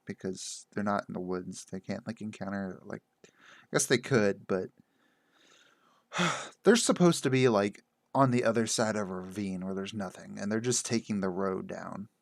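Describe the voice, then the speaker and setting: Low gravelly man rambling casually. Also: moderate pace, no echo, studio quality. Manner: meandering, loose, lots of "like" and "uh". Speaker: game master recounting a session.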